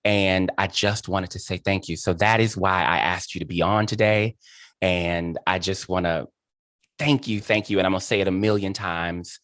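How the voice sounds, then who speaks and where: Gushing host with a dry sound. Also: male voice, deep voice, fairly even intonation, normal speed, a bit bright, no room sound. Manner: gushing, emphatic, dotted with "child" and "honey". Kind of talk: effusive interview chat.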